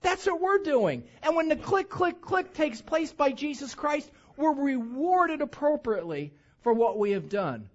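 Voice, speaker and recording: Male preacher, lively pitch swings, slightly dull lo-fi church recording. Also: unhurried, hardly any pauses. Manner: lively, animated preaching with mock-drawl asides. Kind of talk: sermon with humorous anecdote. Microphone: handheld or stage microphone.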